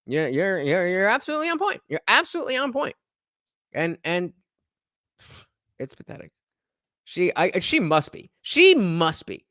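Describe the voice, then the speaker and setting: A man's voice: a little high, bright, forceful tone, dry recording, studio quality. A man hosting a podcast, giving casual, incredulous reaction commentary with frequent fillers. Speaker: podcast host reacting to clips.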